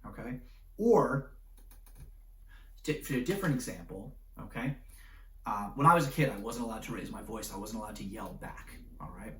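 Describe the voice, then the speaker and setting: A man teaching a class, lively and animated, acting out little scenes and checking in with "right?" all the time. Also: lowish voice, normal speed, pauses often. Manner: animated, acts out scenarios with voices, keeps asking "right?". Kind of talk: classroom lecture. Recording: roomy echo, mic at a distance.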